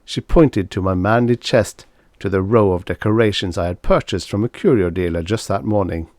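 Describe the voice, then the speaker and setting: A man narrating an audiobook in a sardonic, knowing tone. His voice sits on the low side and is recorded dry and close. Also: moderate pace, darkish tone, dry recording. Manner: wry, sardonic first-person storytelling.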